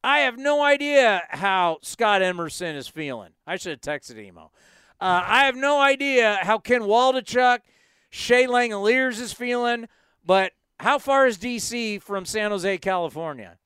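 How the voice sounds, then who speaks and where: A man in his fifties hosting a sports talk show, excitable and self-mocking as he tells stories. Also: high-pitched, a little slow, smooth, no room sound, studio quality. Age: 50s. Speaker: sports radio host.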